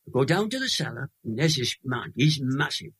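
A Welsh man in his eighties, a guest telling an emotional testimony in a lively, dramatic way. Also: mid-range voice, a little fast, husky. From Wales. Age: 80s.

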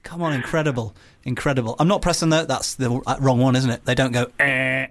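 A man's voice: mid-range voice, quick pace. A man co-hosting a radio show, cracking wry jokes and laughing often. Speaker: radio co-host. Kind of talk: casual radio banter.

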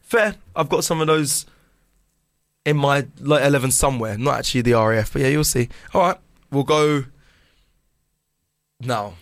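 A man's voice: mid-range voice, normal speed, long pauses, no room sound. A British man co-hosting a football podcast in a studio, laughing often and tripping over his words in casual banter. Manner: laughs often, stammering restarts. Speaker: podcast co-host.

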